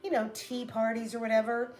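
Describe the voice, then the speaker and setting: Over music, a woman with a slightly high, fairly even-pitched voice talks a bit fast as she cooks at home. This cooking vlogger chats casually to camera, addressing viewers as "guys" and laughing frequently.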